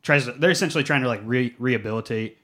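A man's voice: medium pitch, fast talker, fairly bright tone. A man co-hosting a podcast, casually recapping a movie scene by scene and filling his talk with "like". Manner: rambling, fills with "like". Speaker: podcast co-host.

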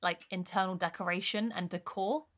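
A young woman chatting on a podcast, her voice bright and clear. She tells her stories candidly and easily, dropping in a casual swear here and there. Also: fairly low pitch, steady tone, moderate pace. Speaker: podcast co-host. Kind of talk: casual chat.

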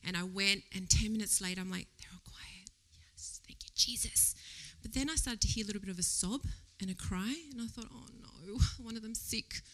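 A woman giving a casual church sermon. She tells a personal story in a chatty, animated way, laughs often and drops to a whisper for quoted thoughts. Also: medium pitch, fast, few pauses. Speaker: lay preacher. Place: church service before a congregation.

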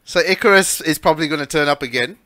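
A woman's voice: deep voice, fast talker, fairly bright tone, no room sound. A woman co-hosting a casual pop-culture chat, rambling in bursts and laughing often. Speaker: podcast co-host.

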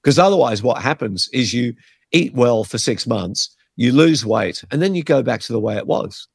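Earnest pastor, dry close sound. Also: male voice, medium pitch, lively intonation, normal speed, vocal fry, slightly rough, no room sound. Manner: earnest, conversational, gives numbered points. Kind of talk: podcast teaching on faith and health.

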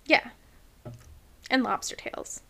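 A woman's voice: slow, a bit bright. A woman co-hosting a casual podcast, speaking her mind bluntly. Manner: blunt, opinionated. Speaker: podcast co-host.

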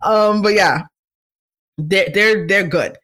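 A woman's voice: medium pitch, slow pace. Chatty opinionated woman hosting a show. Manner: chatty, animated and opinionated, many fillers and asides. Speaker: podcast host. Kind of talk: casual chat.

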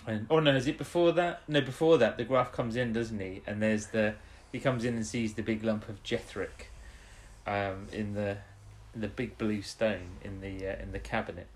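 A man's voice: fairly low pitch, steady tone, moderate pace. A man co-hosting a show, recapping an episode in casual chat, rambling with restarts and tag questions. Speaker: podcast co-host.

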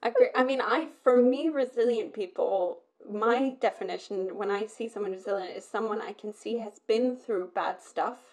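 A woman's voice: medium pitch, moderate pace, hardly any pauses, a little mellow. A woman in casual conversation, talking at length and laughing often. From Britain. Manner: chatty, laughs often, rambling. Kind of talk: casual chat.

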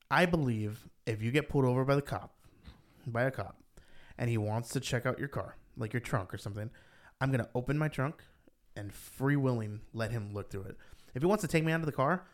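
Co-hosting a podcast, a man chats loosely and wanders from point to point, saying "like" constantly. His voice rises as he grows animated.

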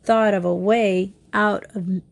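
A woman's voice: mid-range voice, fairly even intonation, takes it slowly, vocal fry. A woman reading as an earnest teenage boy.

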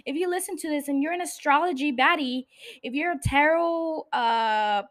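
A woman's voice: high voice, moderate pace, a bit bright. Profane, sarcastic woman podcast host. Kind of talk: solo podcast rant. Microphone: studio microphone.

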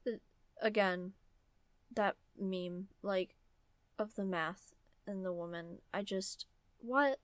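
A young woman in a casual book vlog, talking in an animated, worked-up way with lots of fillers. Her voice sits at an ordinary pitch and sounds close and dry, with no room around it. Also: slow pace, long pauses, dry recording. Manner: animated, ranting, many fillers. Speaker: book vlogger. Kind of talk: casual opinionated book talk.

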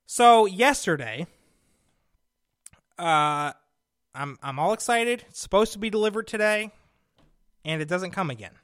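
Animated high-voiced male radio host. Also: unhurried, pauses often, no room sound, studio quality. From Connecticut. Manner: animated, exasperated storytelling with fillers. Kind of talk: casual storytelling monologue. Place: radio studio. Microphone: studio microphone.

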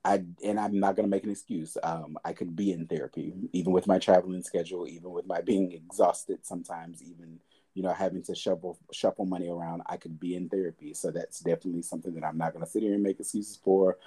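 Speaking quickly in a low, husky voice that is warm and level in tone, a young man hosts a podcast. His reflective monologue covers hard times candidly, with fillers and repeated words along the way.

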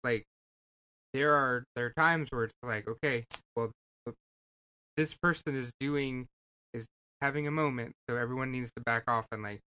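A man's voice: medium pitch, moderate pace, sharp tone. A man co-hosting a casual podcast chat, rambling with many fillers. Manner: rambling, full of fillers like "like" and "you know". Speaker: podcast co-host.

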